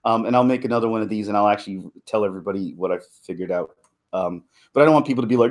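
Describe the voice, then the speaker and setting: A man talking casually on a live stream, rambling and halting, with many fillers and restarts, laughing now and then between thoughts. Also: lowish voice. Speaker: YouTuber and impressionist.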